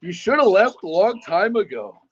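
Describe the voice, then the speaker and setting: A man's voice: high voice, sing-song, normal speed, dull audio. A man taunting and goading a rival in a heated online voice chat, in a mocking tone. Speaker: streamer calling in to a rival's stream. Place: online voice call.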